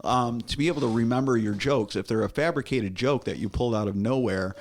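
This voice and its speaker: A man speaking as a guest comedian in a casual studio chat, halting and repeating words, agreeable. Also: medium pitch.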